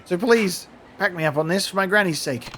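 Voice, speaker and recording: Man doing a pleading young punk, higher voice. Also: fairly quick, a bit bright, slight background noise. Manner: pleading, eager. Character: sheepish young male delinquent, pleading.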